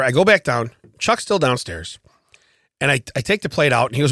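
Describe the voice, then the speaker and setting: A man co-hosting a podcast, telling a story in casual chat with animated, repetitive emphasis. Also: medium pitch, brisk, no echo, studio quality. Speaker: podcast co-host.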